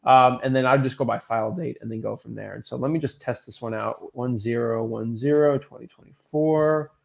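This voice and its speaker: A man's voice: medium pitch, a little fast, vocal fry. A man hosting a casual live coaching Q&A, talking in a loose, rambling, upbeat way with lots of fillers. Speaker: real estate wholesaling coach and host.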